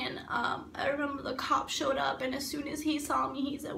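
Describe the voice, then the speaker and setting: High-pitched young woman, emotional testimony. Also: level tone, gravelly, bright, forceful tone. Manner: emotional, halting, repeats phrases. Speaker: survivor telling her story. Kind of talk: personal testimony. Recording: echoey room, mic at a distance, faint ambient noise.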